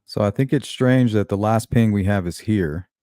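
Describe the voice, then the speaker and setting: A man's voice: lowish voice, moderate pace, mellow, no echo, studio quality. A man hosting a live true-crime stream, musing over a case and greeting viewers in chat. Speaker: host of a true-crime livestream. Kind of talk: casual live commentary.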